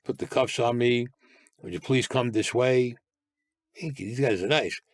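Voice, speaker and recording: Here an older New York Italian-American man, appearing as a guest, recounts his life in blunt, profane fashion, mimicking others as he quotes their dialogue with animation. He speaks at a measured pace in a mid-range voice, captured in a dry recording.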